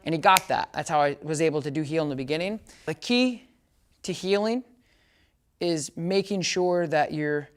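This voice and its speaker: A man working as a dog trainer, giving a casual hands-on training demo. He talks in a chatty way, often checks that the listener understands, and gives bright, upbeat praise commands to the dog. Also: a little high, moderate pace, clear, resonant tone.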